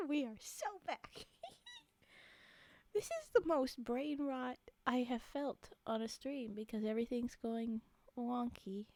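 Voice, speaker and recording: A woman's voice: on the high side, lively intonation, slow pace, darkish tone, no room sound. A woman streaming live from a home setup on a desk microphone, chatting casually, giggling often and poking fun at herself. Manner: giggly, rambling, self-mocking.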